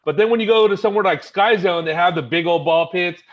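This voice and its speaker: A man's voice: high-pitched, fast, muffled recording. A man co-hosting a podcast in casual chat, eagerly listing examples. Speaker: podcast co-host.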